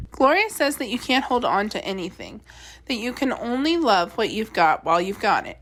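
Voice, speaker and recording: A woman teacher reading a children's novel aloud in a steady, expressive storytelling voice. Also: medium pitch, normal speed.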